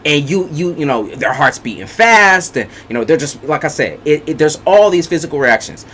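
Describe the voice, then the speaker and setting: Animated, blunt-talking tarot reader man. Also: fairly high pitch, moderate pace, a little hiss or hum. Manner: blunt, profane and repetitive, hammering points home. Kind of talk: casual unscripted monologue.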